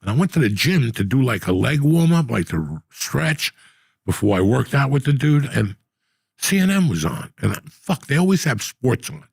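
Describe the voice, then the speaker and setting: Gravelly older New man ranting. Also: mid-range voice, normal speed, dry recording. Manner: profane, rambling, animated storyteller. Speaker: podcast host. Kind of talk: casual storytelling chat.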